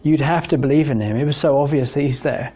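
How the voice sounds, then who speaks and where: This man from England talks fast in a mid-range, mellow voice. In his informal talk on evidence for God, he relates personal stories with a thoughtful, conversational air and plenty of fillers.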